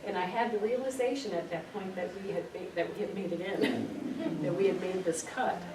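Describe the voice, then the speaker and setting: A middle-aged woman giving an earnest, storytelling spiritual talk to a group, repeating words for emphasis. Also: fairly low pitch. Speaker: spiritual speaker. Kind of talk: informal spiritual teaching to a group. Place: meeting room. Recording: echoey room, distant mic, noisy.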